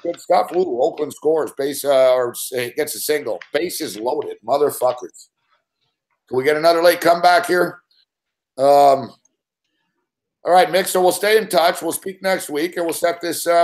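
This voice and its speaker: A man's voice: fairly high pitch, normal speed, a little mellow. A man hosting a casual sports betting show, talking through picks in an easygoing way and reacting to live games. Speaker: show host.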